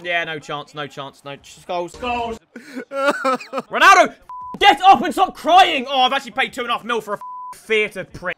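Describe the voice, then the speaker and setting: A young man commentating on his own football video game, excitable and sweary, often shouting at the players. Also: high voice, background noise. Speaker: gaming streamer. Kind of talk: live gameplay commentary.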